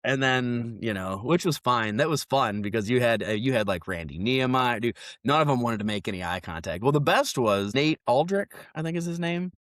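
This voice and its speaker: A man who is a political candidate, telling stories in casual podcast chat, animated and profane, acting out what people said. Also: mid-range voice, a little fast, hardly any pauses, dry recording, clean studio sound.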